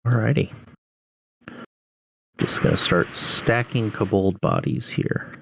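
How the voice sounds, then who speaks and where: A man running an online tabletop game as dungeon master, speaking in a measured way with frequent pauses. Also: on the low side, gravelly, a bit bright, slight background noise, rough recording. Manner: measured, hesitant with fillers.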